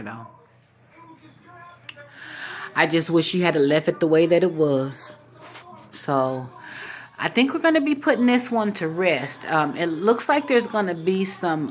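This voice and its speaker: A woman vlogger talking casually to the camera in a teasing, mocking, playful way. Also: sits low.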